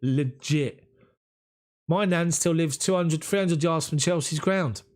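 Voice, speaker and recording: A man's voice: fairly high pitch, a little slow, darkish tone. A man with a London accent hosting a live football watch-along, chatting and thanking viewers by name as he reads their comments. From England. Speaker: football fan channel host.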